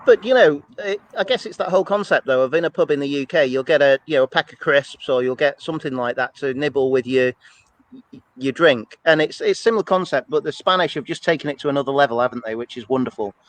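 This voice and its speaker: A man chatting casually on a church's weekly show, rambling from one thought to the next with a self-deprecating touch. His voice sits a little high for a man. The sound is dry and close, with no room echo. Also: fast talker. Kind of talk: casual chat.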